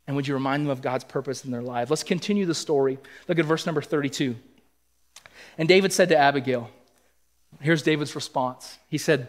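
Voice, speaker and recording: Earnest male pastor, slightly high voice. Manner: earnest, building emphasis, acts out quoted lines. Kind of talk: sermon. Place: church sanctuary.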